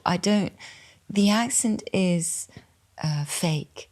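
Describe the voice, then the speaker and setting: A French woman in her fifties speaks English with a refined, posh English accent. Her voice sits very low and carries a gravelly fry. She talks slowly and softly, with hesitant pauses. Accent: posh English with slight French. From France. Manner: soft, hesitant, many pauses. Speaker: guest. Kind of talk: reflective interview answers.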